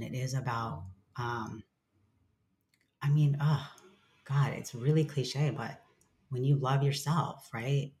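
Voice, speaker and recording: Very deep-voiced woman sharing openly. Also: a little mellow. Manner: reflective, swears casually, acts out own self-talk. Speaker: guest. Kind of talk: candid conversational sharing.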